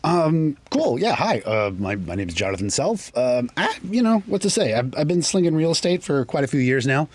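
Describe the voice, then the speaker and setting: A man's voice: a little high, very animated, normal speed, few pauses. Hesitant man with faint Southern-Chicago accent. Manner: hesitant, many fillers and restarts. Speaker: real estate agent. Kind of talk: casual radio interview. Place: radio studio. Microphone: studio mic.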